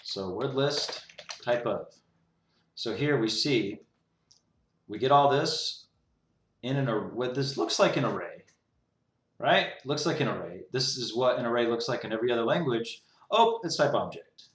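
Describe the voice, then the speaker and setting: A man's voice: medium pitch, animated, measured pace, pauses often, fairly bright tone. Exasperated young man talking through his code. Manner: exasperated, rambling, heavy use of "like". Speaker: programmer streaming his coding. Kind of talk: casual talk-through while coding. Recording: roomy echo.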